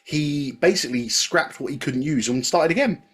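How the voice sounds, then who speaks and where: A man's voice: a little high, normal speed, a bit bright, breathy edge. A man co-hosting a music podcast in casual chat, telling anecdotes from his notes with lots of restarts. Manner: anecdotal, reads from notes, chatty with frequent fillers and restarts. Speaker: podcast co-host.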